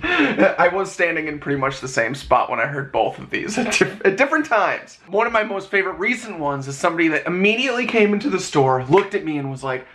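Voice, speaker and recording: A man with a hoarse, worn-out voice, telling stories in a casual vlog and laughing often. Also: sits high, big pitch swings, brisk, hardly any pauses, pushed and bright. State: hoarse, lost voice. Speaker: vlogger.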